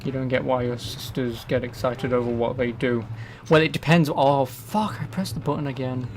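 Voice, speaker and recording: An English man chatting casually while he plays, rambling and swearing with a jokey tone. His pitch sits mid-range, with faint background noise behind him. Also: fairly even intonation, normal speed, darkish tone. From England. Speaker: streamer. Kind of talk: casual gaming commentary.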